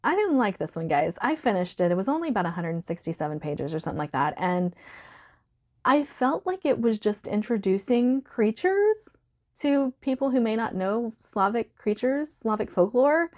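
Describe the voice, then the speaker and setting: A woman's voice: a little high, big pitch swings, moderate pace, a little mellow. A woman book vlogger giving a casual monthly reading wrap-up, chatty and emotional, laughing often.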